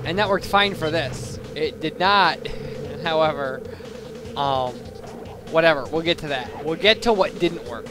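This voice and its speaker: A man's voice: a little high, a little slow. A young man giving casual, rambling game commentary, self-deprecating and full of fillers, while hiccuping. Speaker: let's play commentator. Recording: game music playing behind.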